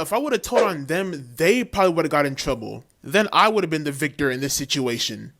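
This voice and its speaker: Lively young man telling a story. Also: on the high side. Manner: animated, slangy and emphatic. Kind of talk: storytime vlog. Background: background music.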